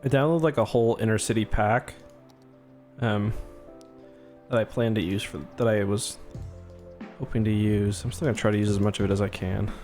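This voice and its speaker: A man's voice: lowish voice, fairly even intonation, moderate pace, a little mellow. Young male streamer, rambling casual chat over faint music. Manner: chatty, rambling, thanks viewers. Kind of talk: casual gameplay livestream.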